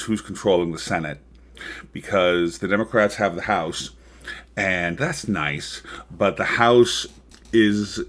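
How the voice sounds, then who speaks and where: A man's voice: low voice, a bit bright. A man hosting his own livestream talk show, chatting casually about politics with frequent ums and rambling asides.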